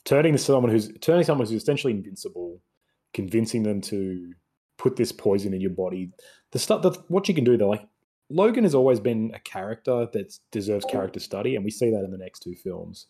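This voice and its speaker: A man's voice: fairly low pitch, lively intonation, a little fast, mellow, slightly rough. A young man ranting sarcastically in a casual film review chat. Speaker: podcast co-host.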